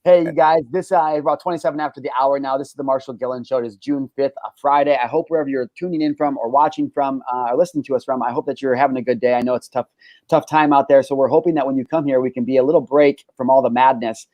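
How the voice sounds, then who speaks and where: A man's voice: mid-range voice, quick pace, no room sound. A man hosting a casual talk show, telling a wild story with lots of swearing and energy. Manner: animated storytelling, heavy swearing. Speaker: host. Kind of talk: casual chat.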